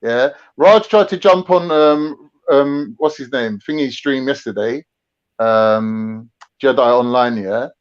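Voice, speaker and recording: A man's voice: mid-range voice, takes it slowly, clear, resonant tone. A young man, brash, taunting and swearing in casual online banter as a stream guest. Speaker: guest on a livestream. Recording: dull lo-fi stream audio.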